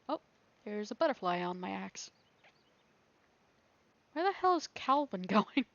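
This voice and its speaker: Very animated but measured in pace, a woman with a mid-range voice thinks aloud while playing a survival game for her gaming videos. She's chatty, rambles and laughs a lot, in a lo-fi recording with no echo.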